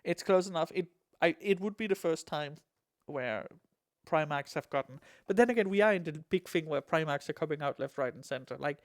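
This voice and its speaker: A man co-hosting a casual hobby podcast, excitable and jokey, swearing freely. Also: on the high side, brisk, no room sound, studio quality. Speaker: podcast co-host.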